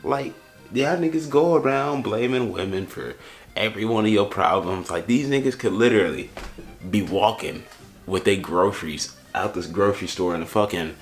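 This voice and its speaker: Low-voiced, exasperated young man roasting. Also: normal speed, soft background music. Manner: slangy, exasperated, stammering rants. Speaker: YouTube roast commentator. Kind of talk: comedic reaction commentary.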